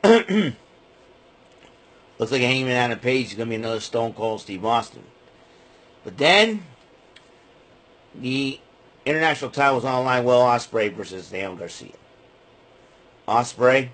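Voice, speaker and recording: Husky man ranting through a recap. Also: mid-range voice, expressive, normal speed, long pauses, fairly bright tone. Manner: rambling, name-calling rants. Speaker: wrestling show recapper. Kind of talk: casual recap monologue.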